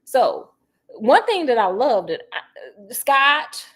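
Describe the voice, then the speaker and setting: Casual cooking vlogger: woman, bit high-pitched, sassy running commentary. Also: sing-song, slow pace, a bit bright. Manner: sassy, chatty, full of asides like honey and girl. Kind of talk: casual chat while cooking.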